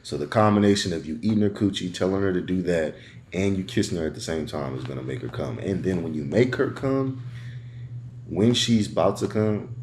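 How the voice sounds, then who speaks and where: A man giving crude bedroom advice in a slow, laid-back casual monologue, heavy on street slang. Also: deep voice, darkish tone, slight background noise. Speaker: dating advice host.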